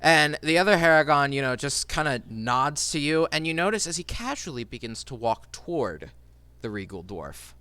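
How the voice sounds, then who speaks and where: A man narrating as game master of a tabletop game, halting with many fillers. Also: fairly high pitch, big pitch swings, pushed and bright, clear, resonant tone, no echo.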